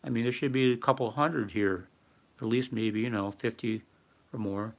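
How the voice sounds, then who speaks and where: A man's voice: mid-range voice, normal speed, creaky. An older man hosting a casual livestream, rambling and reading viewer chat aloud with lots of fillers. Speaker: livestream host. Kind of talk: casual live-stream talk.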